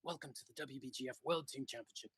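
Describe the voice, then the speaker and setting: A man voicing an excited male British sports announcer, with a British accent and a showy, booming delivery. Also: fast, husky, no room sound. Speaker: commentator.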